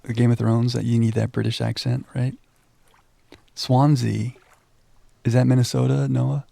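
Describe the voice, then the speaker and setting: A young man from Texas streams a mystery game, reading its text aloud and chatting with his viewers in between. His voice is heavily gravelly with a dark, mellow tone. The sound is close and dry, with no room echo. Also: medium pitch, flat delivery, moderate pace. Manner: reads on-screen text aloud, then chats with viewers. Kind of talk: casual let's-play commentary reading game text aloud.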